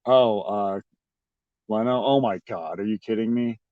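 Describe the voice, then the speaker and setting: A man's voice: lowish voice, unhurried, no room sound. A man talking casually to his livestream chat, rambling and mocking with lots of swearing. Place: at a restaurant. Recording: dry, slightly dull audio.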